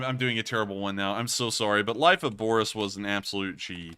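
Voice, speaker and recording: Male streamer host with a bright, clear voice, chatty and meandering as he answers super chats. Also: fairly low pitch, quick pace, few pauses. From United States. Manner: rambling, earnest, frequent fillers and restarts. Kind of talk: casual livestream chat.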